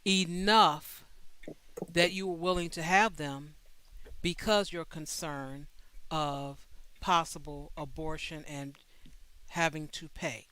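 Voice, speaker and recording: A man's voice: on the high side, steady tone, takes it slowly, long pauses, pushed and bright, clear, resonant tone, no echo. A man hosting a livestream advice show, answering a caller bluntly and directly.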